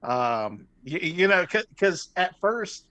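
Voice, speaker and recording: A man chatting as a podcast guest and tossing in quick jokes. His voice sits a little high and sounds dry and close to the mic. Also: very animated, bright, forceful tone, dry recording. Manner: joking, quick asides. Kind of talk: casual chat.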